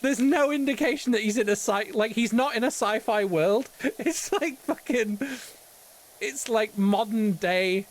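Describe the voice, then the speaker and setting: A man's voice: high voice, measured pace. A British man streaming casual chat, rambling and swearing often between laughs.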